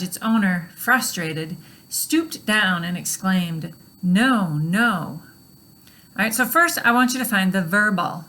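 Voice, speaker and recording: A woman teaching a recorded grammar lesson in a steady, explanatory way, with frequent fillers. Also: medium pitch.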